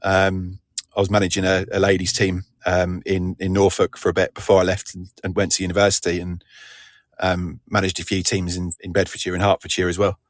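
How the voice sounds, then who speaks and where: Podcast co-host: guy, very low voice, dry close sound, rambling modest chat. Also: monotone, fairly quick, dry recording. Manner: rambling, self-deprecating, many restarts. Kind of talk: casual chat.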